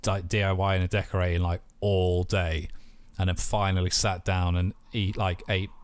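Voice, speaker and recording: Laid-back podcast bloke, low voice, swears a lot, dry close mic. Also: male voice, level tone, normal speed, clear, resonant tone, no room sound. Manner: loose, swears freely, laughs at his own jokes. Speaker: podcast co-host. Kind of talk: casual chat.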